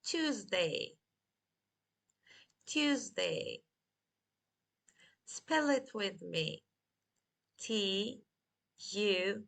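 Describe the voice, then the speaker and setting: A woman teaching a scripted beginner lesson, drilling words slowly and spelling them letter by letter. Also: mid-range voice, a bit bright. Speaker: English teacher.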